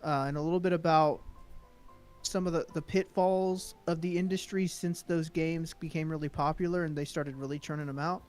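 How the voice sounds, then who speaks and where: A man's voice: a little high, fairly even intonation, normal speed, a little mellow, clear, resonant tone, soft background music. A young man co-hosting a stream, chatting casually and rambling with fillers. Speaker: co-host of a stream.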